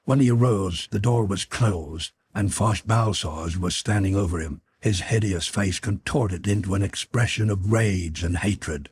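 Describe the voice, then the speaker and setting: A man reading an adventure novel aloud as an audiobook narrator, in a measured, dramatic way. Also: sits low, darkish tone, slight background noise. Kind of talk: scripted narration.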